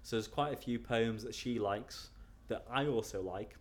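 This man from England, a guest in an interview, speaks in a mid-range voice at normal speed. He's casual and unsure, frequently starting over and laughing at himself in a self-conscious way.

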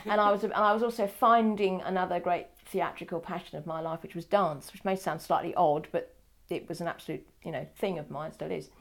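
A woman's voice: lowish voice, steady tone, a little fast, hardly any pauses. An older woman telling her life story in an oral history interview, wry and digressive, often correcting herself mid-sentence.

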